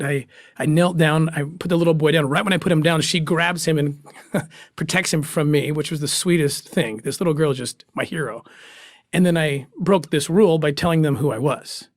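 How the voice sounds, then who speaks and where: An earnest middle-aged man recounts a story as an interview guest, his voice pitched a little high. He halts now and then as emotion catches him, and the sound is close and dry. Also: dry recording. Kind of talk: emotional first-person storytelling.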